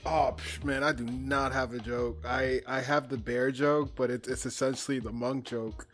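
A man co-hosting a podcast, chatting in a relaxed way and reacting with easy laughs. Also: medium pitch, moderate pace, soft background music. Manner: laid-back, reacting with laughs. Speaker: podcast co-host. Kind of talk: casual podcast banter.

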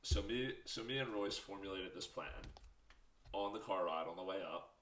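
A man's voice: sits low, normal speed, reverberant, a little hiss or hum. A man telling a funny story in casual chat, laughing as he goes. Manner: laughing storyteller, animated retelling.

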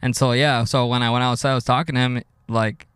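Young dude cohosting a podcast, loose and swears a lot, dry close sound. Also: male voice, mid-range voice, quick pace, clear, resonant tone, dry recording. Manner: animated, laughing, swearing often. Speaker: podcast co-host. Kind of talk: casual chat.

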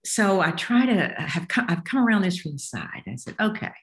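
An older woman, an author talking as a guest in an interview, explaining warmly and acting out voices as she goes. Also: on the low side, moderate pace. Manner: expressive, acts out voices while explaining. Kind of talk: interview conversation.

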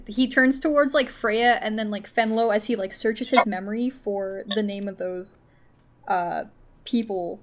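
Woman player, high voice, hesitant narration. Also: normal speed. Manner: hesitant, full of fillers. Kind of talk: casual tabletop play.

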